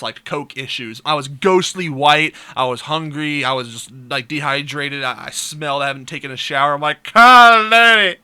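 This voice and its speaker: A young man vlogger telling a crude comic story, animated and fond of mimicking voices. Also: on the high side. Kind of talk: comedic storytelling vlog.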